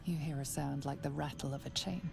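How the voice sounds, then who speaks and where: An actress narrating a video game in a low, solemn whisper. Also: female voice, steady tone, brisk, vocal fry. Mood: hushed. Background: game music.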